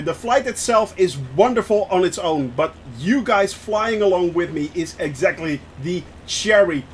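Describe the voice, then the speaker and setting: Effusive high-voiced male streamer. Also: a little hiss or hum. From Netherlands. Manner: effusive, laughs often, repeats phrases. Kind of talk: live-stream chat while flying a sim.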